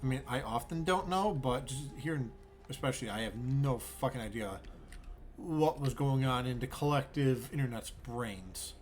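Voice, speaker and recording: At a normal speed and with lively intonation, a mid-range male voice comments casually on a zoo-building game he's streaming. He muses aloud in a rambling, bemused manner and swears freely, with slight background noise behind him.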